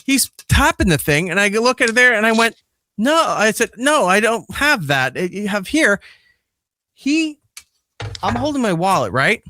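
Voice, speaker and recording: Profane, animated man telling a story. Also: sits high, normal speed. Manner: profane, animated retelling that acts out quoted lines. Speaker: podcast host and father. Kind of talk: casual storytelling chat.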